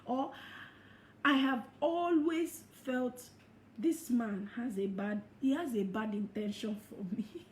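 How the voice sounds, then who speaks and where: A middle-aged woman giving a motivational talk as a life coach, expressive and laughing often as she acts out quoted thoughts. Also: fairly high pitch, slow pace. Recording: echoey room with faint noise.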